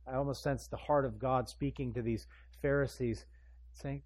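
A man preaching a sermon in an animated way, acting out scripture voices with rising emphasis. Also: mid-range voice, normal speed, slightly rough, no echo. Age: adult parent. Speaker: pastor.

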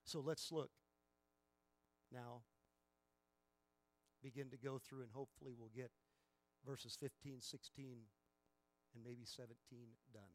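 A man preaching a sermon as a pastor, emphatic, swinging from quiet passages to loud, stressed bursts. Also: medium pitch, fairly even intonation, unhurried, pauses often, dry recording.

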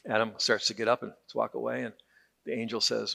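A man's voice: mid-range voice, little pitch movement, fast talker, vocal fry, fairly bright tone. A man teaching a Bible class in a conversational, joking way, often repeating words as he restarts.

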